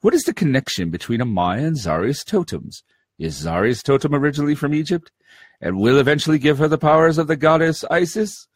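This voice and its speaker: A man with a husky, slightly breathy voice that swoops up and down as he jokes through a casual podcast chat. He reads listener mail in an animated way, recorded close and dry. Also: fairly high pitch, a little fast, no echo. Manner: jokey, laughing banter. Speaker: podcast co-host.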